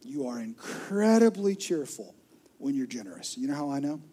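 A man preaching a sermon to his church, telling stories with lively, acted-out voices. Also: medium pitch, normal speed, slightly rough. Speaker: pastor. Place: church auditorium with a live audience.

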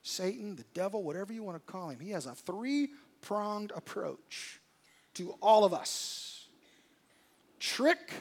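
High-voiced male pastor preaching dramatically. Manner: dramatic, swings from hushed to loud. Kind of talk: sermon. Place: church service.

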